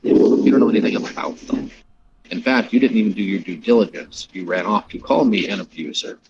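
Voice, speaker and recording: A man's voice: fairly low pitch, brisk, crowd noise. A man arguing defensively on a recorded voice call, using formal wording. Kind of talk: heated argument on a call. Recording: dull, noisy call recording.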